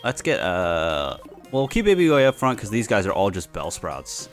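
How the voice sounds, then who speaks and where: A man's voice: fairly low pitch, sing-song, moderate pace, soft background music. A man co-hosting a casual gaming chat, laughing easily and tripping over his words. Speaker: co-host of a gaming podcast. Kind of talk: casual group chat while playing a game.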